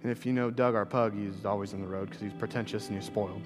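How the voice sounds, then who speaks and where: A pastor in his thirties preaching a sermon, earnest, his voice climbing into emphatic, repeated lines and dropping low and quiet to tell a personal story. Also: steady tone, fast talker, soft background music.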